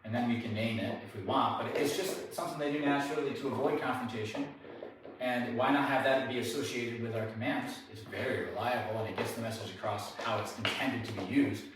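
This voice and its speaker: A male dog trainer gives a hands-on training demonstration, talking briskly in a mid-range voice with a relaxed, explanatory, conversational manner. The recording comes from a very echoey room with a distant mic and faint noise.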